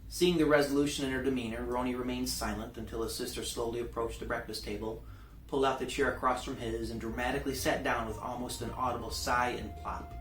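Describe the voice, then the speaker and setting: A man reading a novel aloud in a relaxed way, with small restarts. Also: medium pitch, quick pace. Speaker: reader. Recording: roomy, distant mic, faint guitar music.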